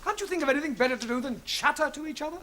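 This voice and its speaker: An exasperated English teacher. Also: male voice, very high-pitched, animated, very fast, sharp tone, slight background noise, full character voice. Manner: patient but exasperated, precise diction. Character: flustered young English teacher, adult man. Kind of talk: 1970s studio sitcom acting.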